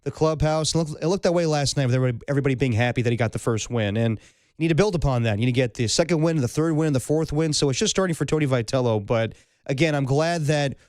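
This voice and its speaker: Quick-talking sports radio co-host. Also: male voice, medium pitch, a little mellow, no room sound, clean studio sound. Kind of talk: casual sports talk.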